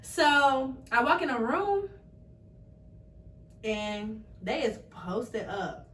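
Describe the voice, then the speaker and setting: A nineteen-year-old woman telling a story to her family in a casual chat, lively and quick to laugh, acting out what each person said. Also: on the high side. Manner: animated, acts out quoted voices, laughs often. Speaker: podcast guest. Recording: echoey room, mic at a distance, faint noise.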